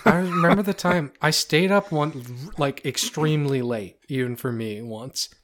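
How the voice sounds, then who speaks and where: A young man co-hosting a podcast in casual chat, deadpan and teasing, livening up when he tells stories. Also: fairly high pitch, normal speed. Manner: deadpan teasing, animated when telling a story. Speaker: podcast co-host.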